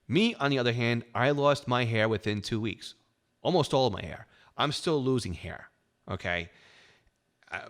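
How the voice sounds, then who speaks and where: A man's voice: on the low side, fairly bright tone. A middle-aged man hosting a podcast, telling his own story in a candid, wry way with self-deprecating humor. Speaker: podcast host. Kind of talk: personal storytelling monologue.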